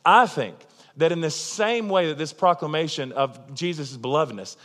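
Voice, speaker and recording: A male pastor preaching with earnest, emphatic conviction, his voice sitting a little higher than most men's. He keeps it conversational and checks in with the listeners as he goes. The sound rings with the long reverb of a large hall. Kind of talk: sermon.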